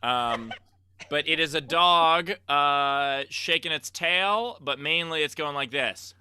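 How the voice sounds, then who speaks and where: Over a video call, a man co-hosts a casual comedy show, reading viewer tips and donor messages aloud and cracking self-mocking jokes. His slightly high voice is slow, pushed, and bright, with a clear, resonant tone and no room sound.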